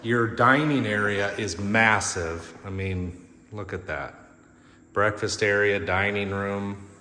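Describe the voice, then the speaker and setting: Carrying the camera himself, a man with a fairly low, sharp-toned voice and a Texan accent tours a home and its backyard as its real estate agent. He's a bit breathless from walking, chatting and joking while rattling off features in quick lists, with a little hiss or hum on the recording.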